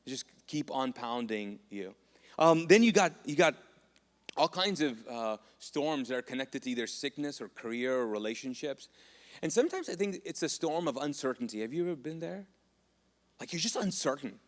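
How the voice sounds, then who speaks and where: A man's voice: mid-range voice, lively intonation, normal speed. A male pastor preaching a sermon in a loose, conversational way, joking and asking the congregation questions. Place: church hall. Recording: long church reverb.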